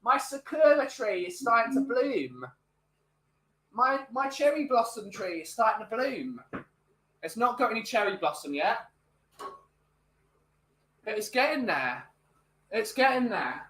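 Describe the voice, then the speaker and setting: A man's voice: extremely high pitch, very animated, fairly bright tone, roomy sound, pitched above the performer's own voice, heavily acted. A man putting on a chirpy Birmingham accent. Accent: Birmingham, put on. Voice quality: deliberately bad, exaggerated accent. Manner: chirpy, upbeat small talk.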